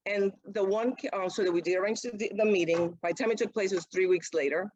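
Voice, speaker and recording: A woman's voice: medium pitch, fast talker, no room sound, highs cut off. A middle-aged woman, a guest mother, telling her story in a casual interview and acting out what others said. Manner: animated, acts out quoted speech. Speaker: guest, mother of an autistic son.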